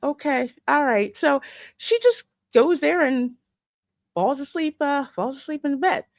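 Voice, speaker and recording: Animated woman chatting about a film. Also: high-pitched, no echo. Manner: animated, hurried and full of restarts. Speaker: film review co-host. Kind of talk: casual review chat.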